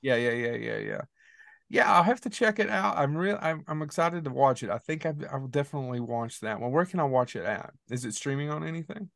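Gravelly laid-back male host. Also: on the high side, animated, a little fast, a bit bright, no room sound. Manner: easygoing, curious, laid-back. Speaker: podcast host. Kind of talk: casual interview chat.

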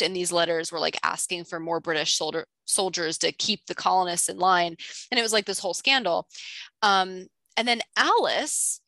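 A woman co-hosting a podcast, chatting casually as she recaps a book with quick asides. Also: mid-range voice, sharp tone, no room sound. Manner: chatty, quick asides, reads clues aloud. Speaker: podcast co-host.

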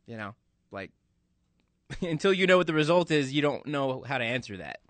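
A man's voice: medium pitch, big pitch swings, moderate pace, no room sound. A man co-hosting a sports radio show who argues his sports opinions earnestly. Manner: earnest, argumentative about sports. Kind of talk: casual radio banter. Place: radio studio.

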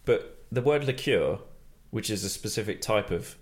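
A man's voice: lowish voice, expressive, moderate pace. A man co-hosting a podcast in casual, joking chat. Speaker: podcast co-host.

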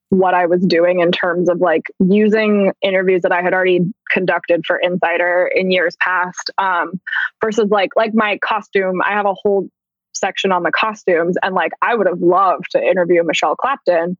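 A woman's voice: lowish voice, dry recording. A woman author and journalist chatting as a podcast guest in a talkative, self-conscious way, peppering her speech with "like". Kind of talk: casual podcast interview. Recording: dull lo-fi dry sound.

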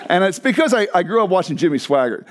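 Pastor guy preaching in church, kinda high voice, chatty, animated, jokes with the crowd. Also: fast talker, background noise. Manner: animated, conversational, with asides to the congregation. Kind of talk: sermon. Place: church sanctuary.

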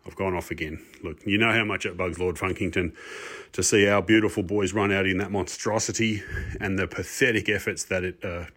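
A man's voice: low voice, fairly even intonation, brisk, a bit bright. A man playing a self-styled lord, a frustrated, ranting sports fan persona. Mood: exasperated rant. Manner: ranting, exasperated, swearing. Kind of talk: pre-recorded comic rant segment.

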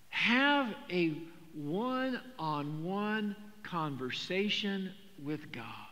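An older man preaching a sermon, talking in a conversational, animated storytelling way with frequent repetitions. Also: high-pitched, slow pace. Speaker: pastor. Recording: long hall reverb.

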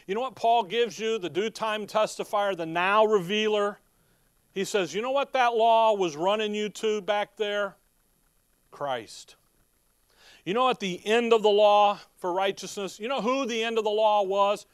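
A man's voice: high voice, measured pace, clean tone, no room sound, studio quality. A man preaching a sermon in a folksy, emphatic way, reading scripture and asking his congregation rhetorical questions. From Midwestern United States. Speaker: pastor.

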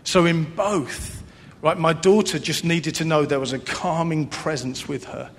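An earnest man delivers a sermon, building his points through steady repetition. His voice sits slightly high for a man. A long reverb trails every phrase in the hall, over a faint low rumble. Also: unhurried. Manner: earnest, repetitive preaching cadence. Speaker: pastor.

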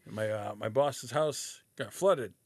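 A man's voice: medium pitch, measured pace, slightly rough, dry recording. A man co-hosting a podcast, telling stories in casual chat and acting out what people said. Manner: animated, acts out quoted exchanges. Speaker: podcast co-host.

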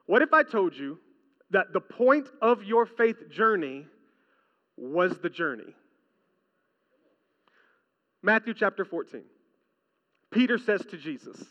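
A man preaching a sermon as pastor, animated and repetitive, often asking the congregation questions. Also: high-pitched, a little slow. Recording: dull sound with long hall reverb.

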